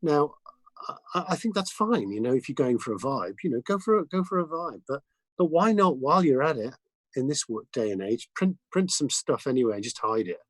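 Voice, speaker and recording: A man, a mixing engineer, telling studio anecdotes as a guest in a casual interview, lively and full of restarts. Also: medium pitch, a little fast, dry recording, poor audio. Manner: animated anecdotes with many restarts and fillers.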